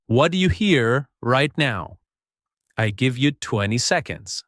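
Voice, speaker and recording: A man teaching a beginner English lesson, speaking slowly and patiently and modeling sentences for listeners to repeat. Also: medium pitch, animated, a bit bright, no room sound, clean studio sound. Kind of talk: slow, clear spoken English lesson.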